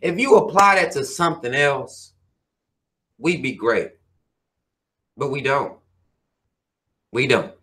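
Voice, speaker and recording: A man's voice: medium pitch, lively intonation, slow pace, long pauses, a bit bright. A man hosting his own channel, reading viewer comments and ranting in a heated, profane, preachy way. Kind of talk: casual rant to viewers.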